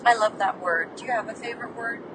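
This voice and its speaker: Speaking quickly and far from the mic, a woman podcast host chats, teases and laughs a lot during a road trip, recorded inside a moving car. Her giggly banter comes through road noise, with engine and road rumble behind her off-mic voice.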